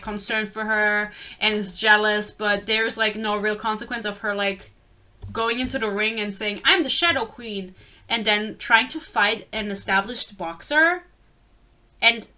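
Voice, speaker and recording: A woman's voice: mid-range voice, pushed and bright. A woman in her twenties giving a blunt, profane, exasperated book review rant in a casual vlog.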